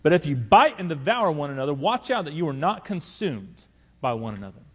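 Emphatic preaching man, slightly high voice. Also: very animated, a little fast, breathy edge. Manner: emphatic preaching, swings between loud appeals and quiet asides. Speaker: pastor. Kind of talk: sermon.

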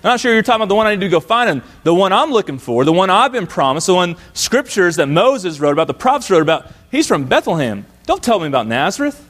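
A man preaching a sermon, voice sitting a little high for a man. He is lively and conversational. He voices the Bible characters as he retells their exchanges. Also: quick pace, hardly any pauses. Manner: animated, acts out the Bible characters' lines in conversational voice. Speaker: pastor.

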